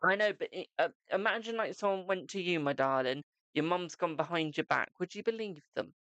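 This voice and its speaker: A man's voice: fairly high pitch, fairly quick, pushed and bright, no echo, dull audio. A man with a British accent giving live-stream tarot readings in a chatty way, calling viewers "my darling". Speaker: tarot reader.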